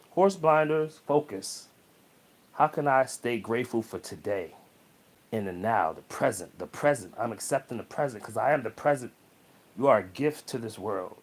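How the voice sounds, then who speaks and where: A man talking straight to the viewer in a casual motivational monologue, preachy and repetitive, often checking in with a quick "okay?". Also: medium pitch, lively intonation. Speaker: motivational vlogger.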